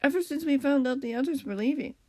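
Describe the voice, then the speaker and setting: A woman reading aloud and voicing a worried young male cat who speaks softly and hesitantly. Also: sits high, fast, no room sound, voice pushed up, lightly acted. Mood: uneasy. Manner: soft, hesitant, troubled.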